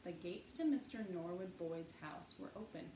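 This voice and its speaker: A woman narrates an audiobook with an expressive, animated, rather low voice. The reading sounds roomy, with a faint hiss behind it. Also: moderate pace. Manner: expressive storytelling. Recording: echoey room, faint hiss.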